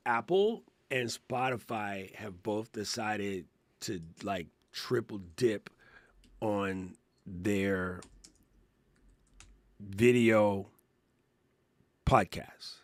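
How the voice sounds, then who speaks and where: A man's voice: fairly low pitch, very slow, long pauses, dry recording. A middle-aged man co-hosting a podcast, chatting casually and laughing as he explains things step by step. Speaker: podcast co-host. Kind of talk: casual tech and creator chat.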